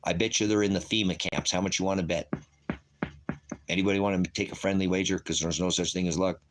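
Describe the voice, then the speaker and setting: Man, very deep voice, preacher, profane livestream rant, rambling, restarts, says brothers and sisters a lot. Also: steady tone, quick pace, background noise. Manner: profane, repetitive, keeps calling listeners brothers and sisters; restless, jumps between topics with restarts. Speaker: streaming preacher addressing viewers.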